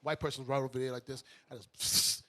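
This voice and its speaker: Middle-aged male radio host from Brooklyn. Quick-talking comic storyteller with a bright, high voice. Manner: animated, joking storyteller who laughs through his punchlines. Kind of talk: casual comic storytelling on a talk radio show.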